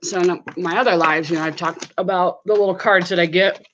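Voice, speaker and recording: A woman's voice: on the low side, steady tone, a little fast, lo-fi sound, a little hiss or hum. A woman hosting a casual live stream from her home desk, chatting straight to her viewers.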